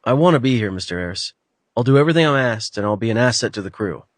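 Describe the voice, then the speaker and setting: A man's voice: medium pitch, expressive, fast, dry recording, lightly acted. A male narrator voicing an earnest, determined young man who speaks in an eager, persuasive way, in an audiobook. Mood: pleading. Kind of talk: audiobook character voice.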